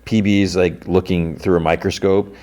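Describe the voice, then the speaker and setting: A deep-voiced man hosting a podcast, recapping an episode in a relaxed, casual way. He rambles through the retelling with plenty of fillers. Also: moderate pace. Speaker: podcast host.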